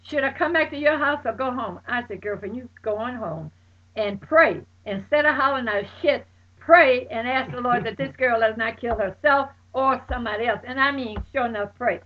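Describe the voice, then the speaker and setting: A woman telling a story about her night out, bursting into loud exclamations and acting out her friends' voices. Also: fairly high pitch, moderate pace. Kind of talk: animated personal anecdote. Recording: dull lo-fi recording.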